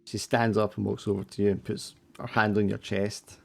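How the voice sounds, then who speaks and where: A man with a low, gravelly voice narrates a tabletop horror game as game master. He describes scenes loosely and casually, padding with small fillers. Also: flat delivery, normal speed.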